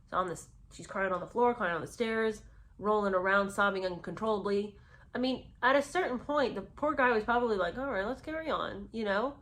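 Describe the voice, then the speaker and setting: A woman's voice: mid-range voice, fairly quick, fairly bright tone. A woman giving sarcastic, incredulous commentary while reading from a memoir. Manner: scornful, incredulous, emphatic.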